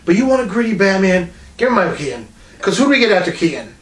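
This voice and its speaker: A man with a notably high voice trades swearing, animated opinions as a podcast co-host. He sits away from the mic, and the room echoes around him. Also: fast talker. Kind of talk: casual profane banter. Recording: roomy, distant mic.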